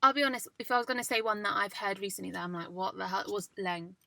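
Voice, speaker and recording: A woman's voice: mid-range voice, fast talker, gravelly, sharp tone, dry recording, studio quality. A young woman co-hosting a casual chat, candid and self-mocking, often amused. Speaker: podcast co-host. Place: parked car.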